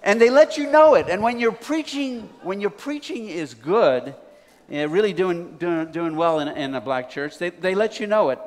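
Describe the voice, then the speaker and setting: A man with a high-sitting voice at normal speed preaches to a congregation, telling a folksy story that builds toward excitement. The recording has the reverb of a large hall.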